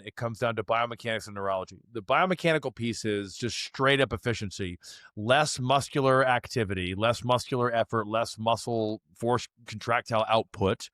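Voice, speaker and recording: A man's voice: medium pitch, fairly bright tone, no echo, clean studio sound. A man who is a chiropractor and teacher, guesting on an interview show, talking casually and bluntly with the odd curse while he explains at length. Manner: blunt, swears casually, explains in long runs. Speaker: podcast guest, chiropractor and DNS instructor.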